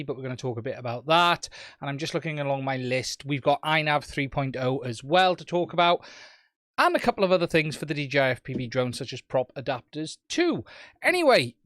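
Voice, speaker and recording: A man's voice: a little high, a bit bright, dry recording, clean studio sound. A man with a Welsh accent hosting a casual weekly live stream, standing and chatting with viewers by name. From Wales.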